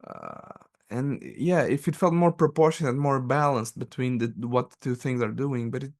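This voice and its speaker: A man's voice: mid-range voice, lively intonation, normal speed, a little mellow. Thoughtful, hesitant man on a film podcast. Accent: Portuguese. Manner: thoughtful, hesitant, many restarts. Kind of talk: casual film review chat.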